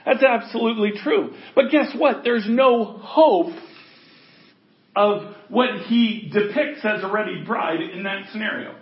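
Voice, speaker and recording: A man's voice: sits high, measured pace. A man pastor giving an informal, conversational sermon to a congregation, often checking in with his listeners. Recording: echoey, dull lo-fi recording.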